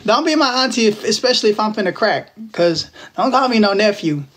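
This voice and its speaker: Young guy from Texas, high pitched, playful slangy livestream banter, talking into his phone. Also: expressive, a little fast, fairly bright tone. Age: 20s. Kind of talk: casual live-stream chat with viewers.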